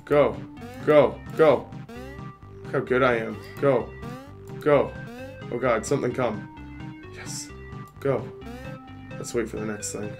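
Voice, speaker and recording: A woman's voice: rumbling low, steady tone, slow pace, pauses often, soft background music. A woman casually commenting on a video game with a friend, joking and dry. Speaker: gameplay commentator. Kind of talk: casual co-op let's play chat.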